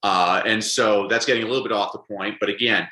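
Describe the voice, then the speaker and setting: A man speaking as an interview guest, an animated storyteller who acts out quotes. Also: fairly low pitch, brisk, echoey room, poor audio. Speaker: guest, public speaker and coach. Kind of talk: conversational interview.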